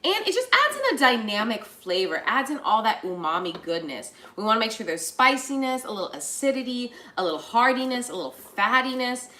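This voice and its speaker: A woman with a bright, tense-edged voice pitched a little high, hosting a live cooking show from her kitchen. She chats playfully and straight to the viewers, now and then slipping into a made-up little tune. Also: sing-song, a little fast, hardly any pauses. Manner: chatty and playful, addresses viewers as y'all; bursts into improvised little songs. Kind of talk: live cooking demonstration, casual.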